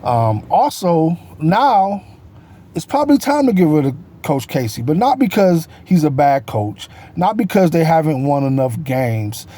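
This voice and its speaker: A man's voice: on the high side, big pitch swings, unhurried, dark tone. A man giving casual solo sports talk as a host, rambling and correcting himself with many fillers.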